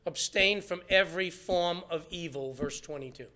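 A man preaching a sermon, animated, acting out the people he quotes. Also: high-pitched, normal speed. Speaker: pastor.

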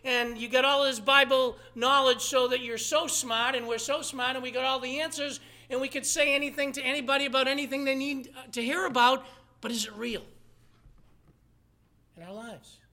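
A man's voice: very high-pitched, steady tone, a little fast, few pauses, sharp tone. A man preaching a sermon as pastor, earnest and conversational, probing his listeners with rhetorical questions.

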